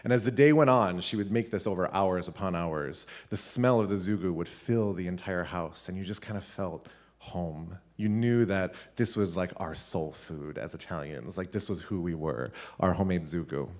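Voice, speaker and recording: Animated, lively storytelling man. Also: low-pitched, normal speed. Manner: animated, laughing, with many "like" fillers. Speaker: teacher telling a story. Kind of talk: live personal storytelling. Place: school event stage.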